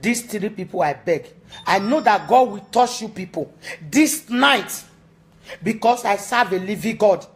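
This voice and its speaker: A woman's voice: mid-range voice, lively intonation, unhurried. A woman with a Nigerian accent making an emotional, pleading appeal, repeating her entreaties and now and then slipping into a sung chant.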